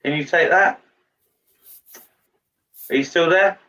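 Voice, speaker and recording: A man working as a medium, giving a live reading to a sitter in a halting way, with many pauses and fillers. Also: a little high, bright, forceful tone. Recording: distant mic, dull lo-fi sound.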